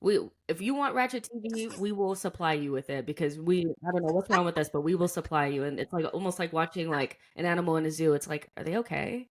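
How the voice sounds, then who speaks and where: Host: low-pitched American woman, chatty and laughing, casual talk-show delivery. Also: fast, few pauses. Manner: chatty, laughs often, leans on "like". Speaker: podcast host. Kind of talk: casual football chat.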